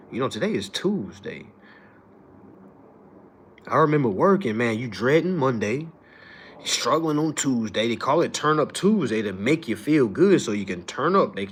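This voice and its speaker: A young man hosting a livestream, ranting casually to his audience in slangy, profane talk, swinging from loud outbursts to low asides. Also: husky. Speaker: livestream host.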